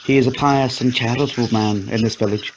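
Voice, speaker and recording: A man reading an audio story, voicing a downtrodden, haunted wife who speaks in a measured, grave and despairing way. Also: mid-range voice, steady tone, background noise, voice pushed up, lightly acted. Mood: bitter, resigned.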